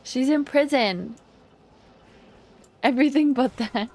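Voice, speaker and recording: With a medium-pitched voice that runs a little slow, a woman streams herself gaming. She's laid-back and talkative, addressing her chat and humming along during play.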